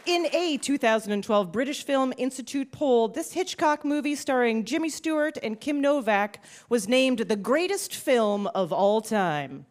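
Lively woman quiz host. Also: a little high, measured pace, hardly any pauses. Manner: bubbly, laughs often. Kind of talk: live radio quiz hosting.

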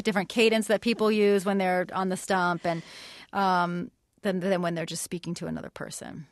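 A woman's voice: medium pitch, normal speed, dry recording, clean studio sound. A woman guest in a radio interview, explaining her craft thoughtfully with many hesitations and light laughs. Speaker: actress and guest.

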